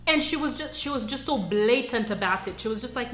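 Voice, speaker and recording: A young adult Sudanese woman vlogs her own story to camera, earnest and reflective, chatting with many asides and lots of "you know" and "like." Her voice sits on the high side with lively intonation and a fairly bright tone, moving fairly quickly with few pauses. The room echoes, and faint music plays underneath.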